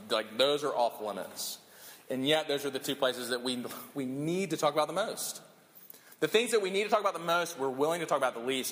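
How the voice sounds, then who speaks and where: A man's voice: fairly high pitch, expressive, fairly quick, fairly bright tone. A man preaching a sermon as pastor, earnest, often repeating words as he builds his points. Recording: long hall reverb, faint room noise.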